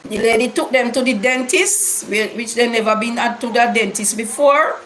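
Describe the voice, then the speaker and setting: A woman's voice: a little high, moderate pace, a bit bright, slight background noise, rough recording. A middle-aged woman with a Jamaican accent, telling her viewers a long personal story in a casual, emphatic way, repeating words for stress. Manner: repetitive, emphatic storytelling with Jamaican English grammar. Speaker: YouTube vlogger.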